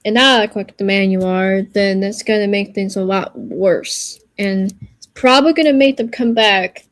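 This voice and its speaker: A woman's voice: medium pitch, moderate pace, dry recording. A woman on a casual livestream giving an earnest, reassuring pep talk, rambling and searching for her words as she goes.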